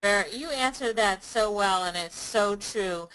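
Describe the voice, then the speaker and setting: Bright-voiced lady host, cheering her guest on. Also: mid-range voice, unhurried, clear, resonant tone, poor audio. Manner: encouraging, enthusiastic. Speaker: interview host. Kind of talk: casual interview.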